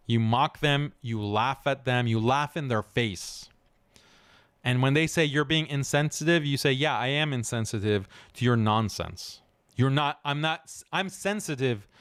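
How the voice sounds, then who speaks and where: A male host delivering commentary in a scornful, emphatic tone, laughing often. His voice sits at a middle pitch. The sound is close and dry. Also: dry recording. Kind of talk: commentary reaction show.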